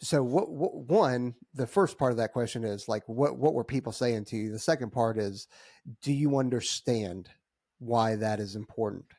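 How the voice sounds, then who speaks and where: A man's voice: mid-range voice, moderate pace, darkish tone, dry recording, studio quality. A man co-hosting a chat, asking probing, layered questions. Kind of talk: casual chat.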